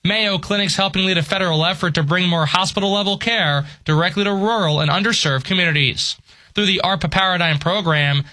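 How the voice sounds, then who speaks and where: Radio news guy reading headlines, high bright voice, crisp and steady. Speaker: newscaster. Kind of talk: read news bulletin.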